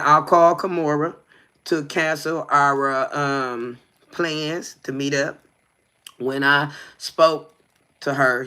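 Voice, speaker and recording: A man's voice: fairly high pitch, bright, forceful tone. A man co-hosting a livestream, reading a text aloud with stumbles and breaking off to ask the listener "you hear me". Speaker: livestream co-host.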